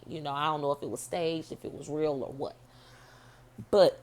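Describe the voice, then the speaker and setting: A woman's voice: low voice, gravelly. A woman vlogger telling a story in a casual, rambling monologue, blunt and full of swearing.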